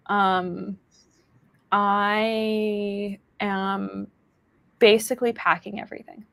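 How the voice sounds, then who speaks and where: Chatty woman with a gravelly edge. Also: medium pitch, unhurried, fairly bright tone, no echo. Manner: rambling, chatty with fillers and laughs. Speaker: podcast host. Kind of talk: casual chat.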